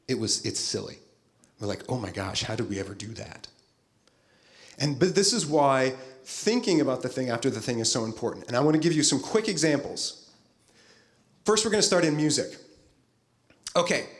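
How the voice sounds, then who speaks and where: Animated man giving a keynote. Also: fairly high pitch. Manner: lively, playful, talks straight to the audience. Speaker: keynote speaker, futurist. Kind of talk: conference keynote speech.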